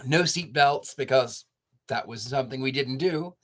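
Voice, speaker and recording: A man's voice: medium pitch, moderate pace, a bit bright. An older man hosting a story-reading show, reading a children's book aloud and then chatting to viewers in sentimental, rambling asides. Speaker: storyteller host.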